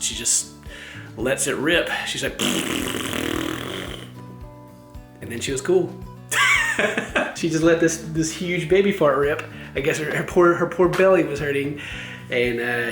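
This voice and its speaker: A young man vlogging as a new father, telling stories in a lively, casual way and slipping into little voices for the people in them. His pitch sits at an ordinary middle height, with faint music running underneath. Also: roomy sound. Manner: animated storytelling, acts out voices. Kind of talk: casual family vlog chat.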